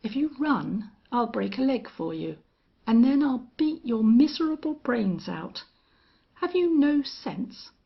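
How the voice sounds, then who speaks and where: A steely old gunfighter, as a woman narrator puts him on, flat and cold, each threat unhurried. Her voice has a husky, gravelly edge, and the recording sounds muffled and lo-fi. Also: on the high side, voice pushed up, heavily acted. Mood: menacing. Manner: strange, monotonous, cold. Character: grim, steely older male gunfighter and hunter.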